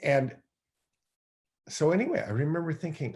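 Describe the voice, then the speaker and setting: A middle-aged man, a podcast guest, telling a personal story in a rambling, animated way with many restarts. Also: medium pitch, a little slow. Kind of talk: storytelling in conversation.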